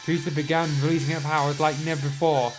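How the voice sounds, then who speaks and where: A man's voice: fairly high pitch, flat delivery, fast, faint music behind, rough recording. A man reading a story aloud and mocking it with sarcastic asides, now and then losing his place. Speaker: reader and reviewer. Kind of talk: sarcastic dramatic reading with commentary.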